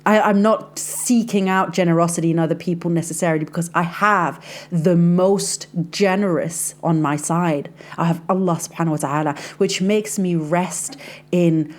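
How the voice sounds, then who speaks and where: A woman with a lowish voice and fairly even intonation speaks at normal speed, hosting a casual faith podcast. A podcast host and life coach, she is chatty and confiding, talking straight to the listener like a friend, calling her "sis" and saying "like" a lot.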